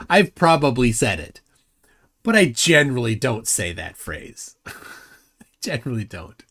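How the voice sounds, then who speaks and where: Animated mocking male livestream host. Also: mid-range voice, a little slow. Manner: mocking, combative, reads chat aloud. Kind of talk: live debate commentary.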